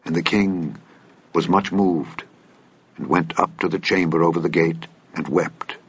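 Husky low-voiced man reading scripture. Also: fairly even intonation, unhurried. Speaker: scripture reader.

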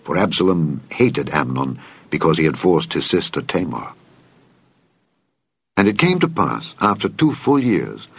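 A man reading scripture aloud in a solemn, measured way. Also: low voice, husky, no echo. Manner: solemn, measured, archaic phrasing. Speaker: Bible reader. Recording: dull lo-fi dry recording.

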